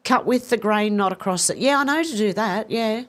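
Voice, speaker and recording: A woman of medium pitch talks at a normal speed while hosting a casual news live stream. She reads audience comments aloud and answers them, chatty and self-mocking, laughing frequently along the way.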